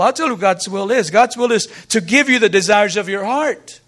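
A male pastor preaching a sermon earnestly, building to emphatic peaks and dropping quiet, with a conversational storytelling manner. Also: high-pitched, a little fast, hardly any pauses. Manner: storytelling asides with fillers and restarts. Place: church.

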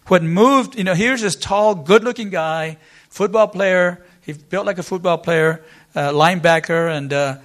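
Earnest male pastor preaching a sermon. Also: a little high. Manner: earnest preaching, rising to emphatic peaks then dropping quiet; storytelling asides with fillers and restarts. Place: church.

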